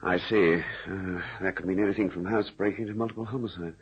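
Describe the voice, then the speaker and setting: Low husky police captain, slow and dry, old muffled radio. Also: male voice, fairly even intonation. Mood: calm. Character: calm, methodical police captain man. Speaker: radio drama actor. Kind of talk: vintage radio drama acting. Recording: dull lo-fi old radio recording.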